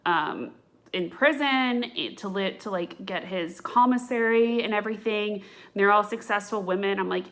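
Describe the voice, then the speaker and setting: A woman's voice: mid-range voice, moderate pace, a little hiss or hum. A woman in her thirties hosting a podcast, rambling through blunt, gossipy chat in a casual rant to camera. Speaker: podcast host.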